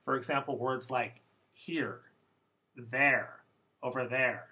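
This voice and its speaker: A man's voice: mid-range voice, slow, sharp tone, poor audio. A man teaching English pronunciation in a recorded lesson, explaining patiently and step by step.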